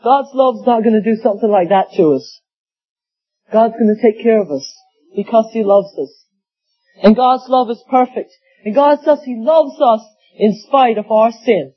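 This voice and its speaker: A man's voice: very high-pitched, normal speed, husky. A man preaching a sermon, telling folksy stories with acted quotes. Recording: dull lo-fi sound.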